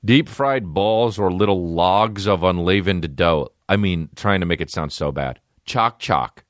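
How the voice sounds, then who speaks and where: A man in his thirties hosting a comedy podcast, ranting loudly and crudely, often jumping up into a high mocking voice. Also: a little slow, no room sound, studio quality. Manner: loud, profane, animated, jumps into high mocking pitch. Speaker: podcast host.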